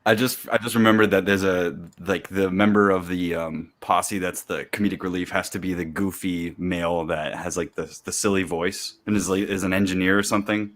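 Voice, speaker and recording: A man co-hosting a casual chat, talking in an animated way and slipping into silly voices. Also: deep voice, fairly quick, few pauses.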